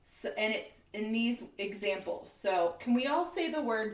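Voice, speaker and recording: A woman's voice: on the high side, animated. Cheerful teacher woman in a roomy classroom. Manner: cheerful, encouraging, sounds out words slowly. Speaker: second grade teacher. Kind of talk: recorded classroom lesson. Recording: roomy, from a distance.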